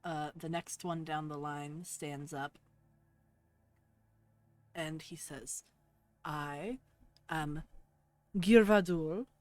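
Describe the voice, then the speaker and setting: Low voiced lady gm, slow and playful, laughs a lot. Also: little pitch movement, no room sound. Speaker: game master. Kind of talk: narrating a tabletop game on a livestream.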